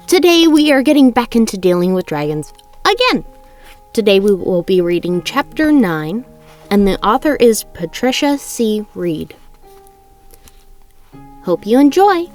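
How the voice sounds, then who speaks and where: A woman's voice: fairly high pitch, big pitch swings, slow, long pauses, darkish tone, faint music behind. A woman reading a novel aloud chapter by chapter in a casual way, often correcting herself mid-sentence. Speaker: reader of a book aloud. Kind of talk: casual read-aloud narration.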